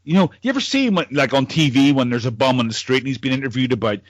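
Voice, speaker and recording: A man's voice: mid-range voice, animated, fast, dry recording. A Northern Irish man hosting a podcast over a video call, chatting with old friends in a rambling way, repeating words and swearing freely. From Northern Ireland. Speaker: podcast host. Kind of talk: casual chat among old friends.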